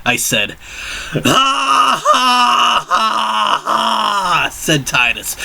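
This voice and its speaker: A man's voice: medium pitch, sharp tone, a little hiss or hum. A man narrating a first-person fanfiction story in an earnest, dramatic reading style.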